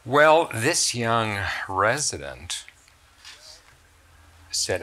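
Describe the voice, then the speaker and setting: An older man, a surgeon and author, being interviewed on stage, telling stories in an animated, reflective way. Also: deep voice, measured pace. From United States. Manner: storytelling, animated, lively swings in loudness. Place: stage talk at a cultural center.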